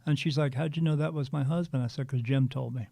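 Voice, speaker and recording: A man in his fifties, a spiritual medium guest, telling a story in an earnest, animated way with frequent restarts. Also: medium pitch, quick pace, gravelly, no room sound. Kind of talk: casual storytelling interview.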